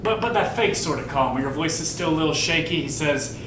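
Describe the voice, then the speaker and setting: A man's voice: lively intonation, brisk, natural voice. An actor playing a bitter, profane man telling a rambling, sardonic family story to a live theater audience. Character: bitter, foul-mouthed grown man confiding a family story. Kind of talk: live stage play monologue to the audience. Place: theater stage. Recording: echoey live theater, far from the mic, rumbling noise.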